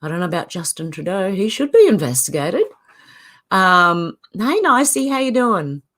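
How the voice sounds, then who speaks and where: With a low-leaning, very animated, fairly bright voice at a moderate pace, an Australian woman hosts a casual livestream. She chats away, greeting viewers by name and reading their comments aloud.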